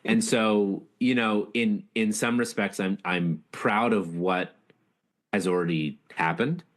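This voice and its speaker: Male author guest, very low voice, earnest, reflective storytelling. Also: takes it slowly. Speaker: author and leadership speaker, guest. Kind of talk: casual interview storytelling.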